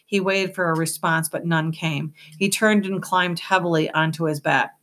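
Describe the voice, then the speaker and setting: Woman, audiobook narrator, measured storytelling, somewhat low voice. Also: steady tone, fairly bright tone. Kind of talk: scripted narration.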